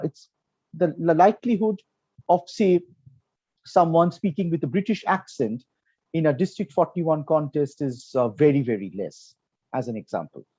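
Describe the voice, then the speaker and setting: A man's voice: a little high, mellow, husky, no room sound, lo-fi sound. A man from Kolkata with a Bengali accent, explaining earnestly on an online panel, with frequent fillers. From Kolkata, India. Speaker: program quality director.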